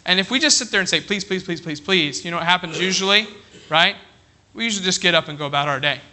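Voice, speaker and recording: A high-voiced man preaches a sermon to his congregation. His tone is very bright and forceful. He keeps checking with the room, asking if they are ready, and drops to a slower, quieter voice when he reads scripture. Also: expressive. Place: church congregation.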